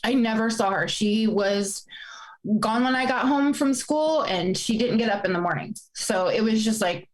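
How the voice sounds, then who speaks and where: Woman in her forties, emotional, on the edge of tears, fairly high voice. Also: measured pace, rough recording. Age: 40s. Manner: emotional, fighting back tears. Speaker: guest. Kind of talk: personal storytelling.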